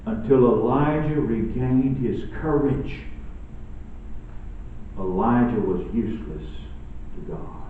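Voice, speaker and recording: A man preaching a sermon in a church, swinging between loud outbursts and hushed lines. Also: mid-range voice, takes it slowly, pauses often, a little hiss or hum. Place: church sanctuary. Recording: echoey, phone-like distant church audio.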